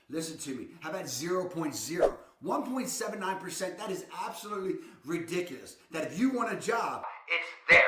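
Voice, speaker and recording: Hyped Baltimore-accented man, echoey room. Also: a little high. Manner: hyped, salesy, repeats rhetorical questions. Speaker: relocation guide host. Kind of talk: promotional vlog monologue. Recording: echoey room with loud background noise.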